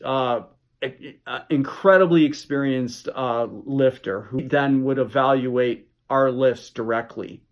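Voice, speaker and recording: A man vlogging, telling a personal story straight to the camera in a rambling way, with frequent restarts. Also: mid-range voice. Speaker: health vlogger. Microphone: camera mic.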